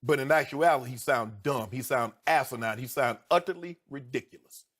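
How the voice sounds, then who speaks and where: In a heated TV debate, this middle-aged sports commentator is indignant and emphatic, his voice carrying a breathy edge. He moves from quiet, controlled talk to loud bursts, firing off one rhetorical question after another.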